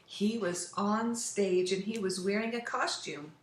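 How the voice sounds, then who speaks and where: A woman's voice: medium pitch, fairly even intonation, a little slow. A woman teacher giving remote class instructions, patiently explaining step by step. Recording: roomy echo.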